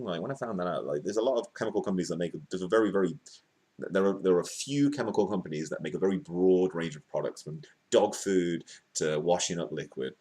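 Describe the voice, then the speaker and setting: Low husky man reading news. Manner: reads headlines then riffs off-script with fillers and restarts. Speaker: news show host. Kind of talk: reading news with comedic asides.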